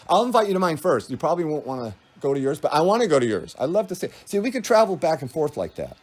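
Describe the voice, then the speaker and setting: A man's voice: on the high side, big pitch swings, fast talker. A man giving a rambling spiritual monologue, meandering and restarting his thoughts, often laughing. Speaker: spiritual speaker.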